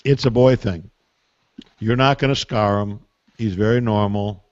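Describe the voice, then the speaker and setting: An older man answers parenting questions in a folksy, storytelling way and leans on emphatic asides. His voice sits low and sounds close and dry. The call audio is muffled. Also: fairly even intonation, unhurried, no echo. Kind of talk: call-in Q&A advice.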